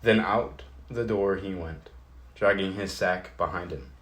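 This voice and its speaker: Deep, slow-reading storyteller man. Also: a bit bright. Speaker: storybook narrator. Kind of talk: children's picture book read-aloud.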